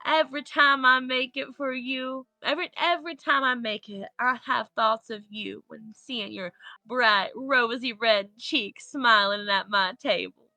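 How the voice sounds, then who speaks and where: A woman's voice: on the high side, steady tone, a little slow, no room sound, soft background music. A woman doing a doting Southern mother. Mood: tender. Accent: attempted Southern US. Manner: tender, warm and doting. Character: loving homesteading mother missing her child.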